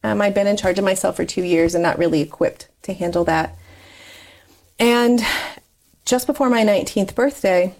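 A woman's voice: mid-range voice, normal speed, darkish tone. Chatty, candid woman in her forties. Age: 40s. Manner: chatty, candid, laughs often while talking. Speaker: interview guest. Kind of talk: personal life story in conversation.

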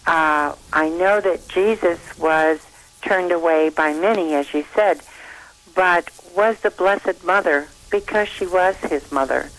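A woman's voice: lowish voice, slow, rough recording. A woman calling a talk show, hesitant and rephrasing her question. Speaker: caller. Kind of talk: phone-in question.

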